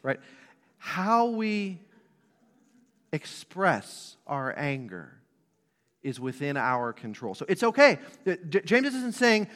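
A man's voice: a little high, big pitch swings, slow pace, long pauses, fairly bright tone. A man in his thirties preaching a sermon to a church congregation, conversational and asking the room questions. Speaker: pastor. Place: church sanctuary. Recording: long reverb of a hall.

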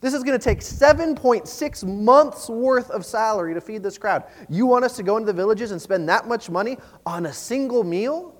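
A man's voice: high voice, expressive, normal speed, hardly any pauses, voice pushed up. A man preaching, voicing worried disciples as anxious, pleading men who question their teacher. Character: worried, reasonable male disciples, adult men. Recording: long reverb of a large hall.

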